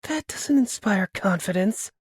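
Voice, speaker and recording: A man's voice: high voice, animated, a little slow, husky, no room sound, studio quality, pitched above the performer's own voice, full character voice. A man doing a frantic, sarcastic young guy. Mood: panicked whisper. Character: panicky young man faking an accent.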